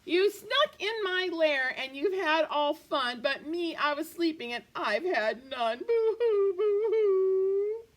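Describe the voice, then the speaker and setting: A woman's voice: sits high, animated, measured pace, hardly any pauses, fairly bright tone, voice pushed up. A woman voicing a big bear woken from hibernation, whiny and self-pitying in a read-aloud picture book.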